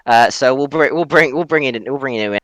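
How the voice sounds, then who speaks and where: A man co-hosting a casual livestream, repeating himself as he brings in guests and swearing loudly at results. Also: medium pitch, fairly quick, no echo. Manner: stumbling restarts, swearing angry outbursts. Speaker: co-host.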